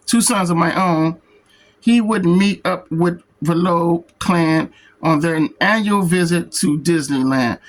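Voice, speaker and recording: A man reviewing a comic book reads its text aloud, stumbling on words and going back to restart them at a slow, halting pace. His voice is a little high with a fairly bright tone, and the recording is low quality.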